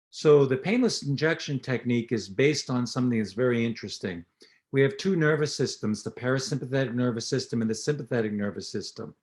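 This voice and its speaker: A man's voice: medium pitch, lively intonation, brisk. An older man, a dentist and lecturer, telling anecdotes and explaining technique in an interview, acting out the lines of people in his stories. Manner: anecdotal, teaching, acts out quoted dialogue. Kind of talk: storytelling interview talk.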